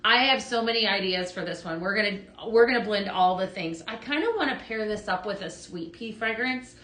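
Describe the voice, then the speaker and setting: A woman hosts a live selling show in a chatty, upbeat way, greeting viewers as she demos products. Her voice is bright and forward, and the room around her rings with echo. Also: mid-range voice, expressive, a little fast. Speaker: host of a live shopping show. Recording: echoey room.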